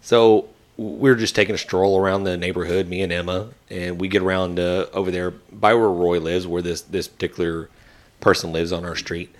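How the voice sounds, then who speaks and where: A man in his thirties with a slightly low voice spins a neighborhood story in relaxed podcast chat. He acts out the people he quotes with lively shifts. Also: fairly quick. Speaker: podcast co-host.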